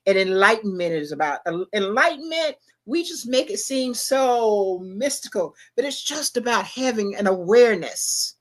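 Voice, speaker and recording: A middle-aged woman co-hosting a late-night talk stream, speaking emphatically about spirituality and asking rhetorical questions. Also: mid-range voice. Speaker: podcast co-host. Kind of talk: casual livestream talk.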